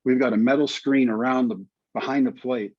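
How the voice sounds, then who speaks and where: A middle-aged man telling his story as an interview guest, lively and quoting others in voices. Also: mid-range voice, fairly quick, husky, dry recording, lo-fi sound. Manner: animated storyteller, quotes people in voices. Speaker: guest, former pitcher.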